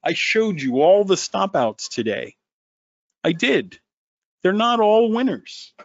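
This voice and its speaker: A man who founded a company, running a sales webinar in an animated, sarcastic way. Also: gravelly, dry recording, muffled recording. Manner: animated, sarcastic, quick swings in pitch.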